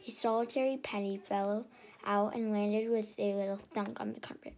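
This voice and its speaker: A woman reading a children's storybook aloud in a lively way, often stumbling and restarting. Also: medium pitch, moderate pace, slight background noise. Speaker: reader.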